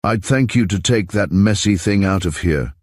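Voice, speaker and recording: A man's voice: on the low side, animated, moderate pace, no room sound, clean studio sound. A man reading a blunt, practical housekeeper. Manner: blunt, no-nonsense.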